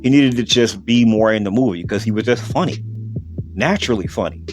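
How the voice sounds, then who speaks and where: A man's voice: lowish voice, fairly quick, a little mellow, faint music behind. A man hosting a podcast, giving a blunt, profane, rambling movie review. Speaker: podcast host. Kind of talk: casual movie review rant.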